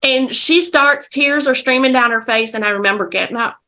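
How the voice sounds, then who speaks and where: A woman's voice: high-pitched, a little fast. A woman guest on a podcast, vividly telling stories in a casual way. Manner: vivid, animated storyteller. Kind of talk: casual storytelling.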